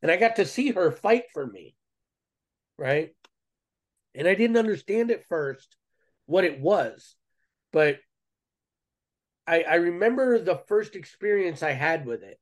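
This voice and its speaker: Dude telling his story on a podcast, casual and earnest, lots of restarts, voice a bit on the high side. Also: lively intonation, a little slow, long pauses. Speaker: podcast guest.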